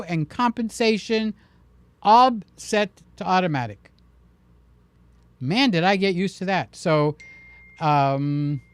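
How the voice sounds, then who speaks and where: A man hosting a camera channel live stream, talking casually in a chatty, jokey and animated way. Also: high-pitched, clear, resonant tone, dry recording.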